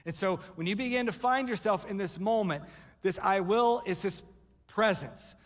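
A man preaching a sermon to his congregation, emphatic, with quick joking asides to the room. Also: high-pitched. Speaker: pastor. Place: church sanctuary. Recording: live church hall reverb.

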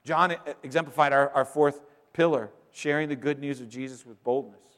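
A man preaching a sermon, emphatic, moving between loud declarations and quiet, conversational asides. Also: mid-range voice, fairly quick. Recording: long reverb of a large hall.

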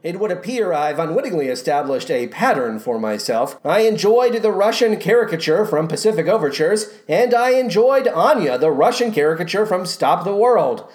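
A man's voice: sits high, expressive, moderate pace, few pauses, darkish tone. Wry male podcast host. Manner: wry, sardonic, theatrical asides. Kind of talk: scripted podcast commentary.

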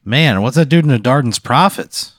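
A man reacts with loud disbelief and plenty of swearing, pushing back on an absurd tale in casual banter. His voice has an ordinary pitch. The sound is close and dry. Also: expressive, moderate pace, no echo. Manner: incredulous, swears a lot while reacting. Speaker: podcast co-host. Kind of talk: casual improv chat.

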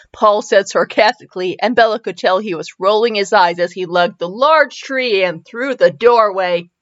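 Brief: high, very animated woman host, giggly rambler reading fanfic, dull lo-fi mic. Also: no echo. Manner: giggly, rambling, self-mocking asides. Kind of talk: comedic commentary and story reading.

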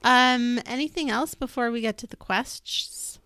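Chatty woman podcast co-host, smooth voice. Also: fairly high pitch, moderate pace, bright, forceful tone, dry recording, studio quality. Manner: chatty, upbeat, laughs often. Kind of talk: casual podcast chat.

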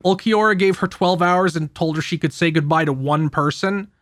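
A man hosting a podcast who casually recaps an anime, telling it in an animated, profane way. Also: on the high side, moderate pace, dry recording, studio quality. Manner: animated, profane storytelling with frequent laughs. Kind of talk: casual chat.

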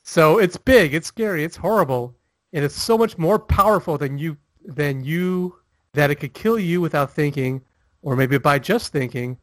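A man's voice: on the high side, moderate pace, fairly bright tone, dry recording. A man co-hosting a casual chat, rambling with lots of fillers and laughing often. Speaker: podcast co-host.

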